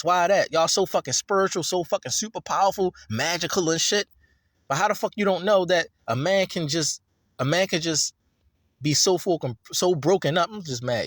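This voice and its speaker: A scripture reader and commentator reads a passage aloud, then breaks into an emphatic, repetitive, profane rant about it. His voice is fairly high and fairly bright, recorded at studio quality with no room sound.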